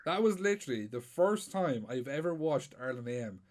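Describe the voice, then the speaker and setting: A man's voice: medium pitch, very animated, a little fast, a little mellow. A man in his twenties with an Irish accent, hosting a podcast in loose, laid-back chat with frequent swearing. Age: 20s. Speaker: podcast host.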